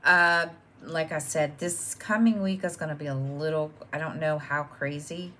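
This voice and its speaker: A woman's voice: low voice, fairly even intonation, moderate pace, pushed and bright, slight background noise. A middle-aged woman chatting casually at home as host of her own stitching channel, rambling with many ums and restarts. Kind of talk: casual chat to camera.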